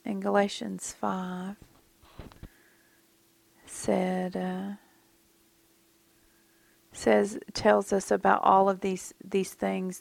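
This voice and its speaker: A woman teaches from the Bible in a musing, conversational way, at times dropping almost to a whisper. Her medium-pitched voice has a gravelly edge and a flat delivery, and she speaks slowly with frequent pauses. The recording is dry and close, with little room sound.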